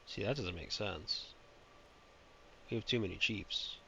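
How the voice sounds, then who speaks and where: A man's voice: lowish voice, a little slow, creaky, dull audio, noisy background. A man streaming a puzzle game live, talking to himself, imitating bird chirps and swearing in frustration.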